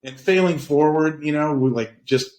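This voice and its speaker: A man's voice: a little high, normal speed, a little mellow, rough recording. A man speaking as a guest on a casual interview, reflective and self-deprecating, laughing at himself. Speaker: guest, comedian and actor.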